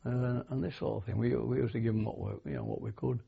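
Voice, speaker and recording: An older man from Britain recalls his army days in an oral history interview, speaking haltingly with many fillers and restarts. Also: mid-range voice, steady tone. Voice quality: gravelly and raspy. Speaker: war veteran interviewee. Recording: dull lo-fi archival tape.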